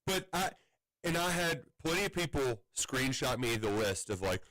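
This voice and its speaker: A man's voice: medium pitch, sing-song, normal speed, fairly bright tone, no room sound, rough recording. A man in his thirties on sports radio, telling an exasperated story with many restarts and quoted voices. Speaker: radio show co-host.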